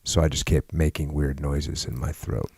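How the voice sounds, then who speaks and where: A very low-voiced man who hosts a podcast interview. He asks things in a relaxed way, teases his guest and laughs along with him. The sound is dry and close. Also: normal speed, breathy edge, dry recording. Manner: easygoing, teasing, laughs along. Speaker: podcast host. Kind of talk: conversational interview.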